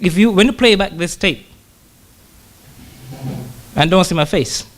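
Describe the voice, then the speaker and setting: A man giving a conversational sermon who pauses often, repeats words and slows down to read scripture. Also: high voice, fairly bright tone, a little hiss or hum. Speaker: church brother preaching.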